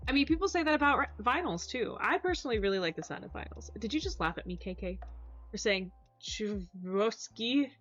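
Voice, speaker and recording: A woman's voice: a little high, very animated, fast talker, hardly any pauses, a bit bright, lo-fi sound, soft background music. A woman live-streaming and chatting casually with her chat, reading messages aloud and stumbling over hard names.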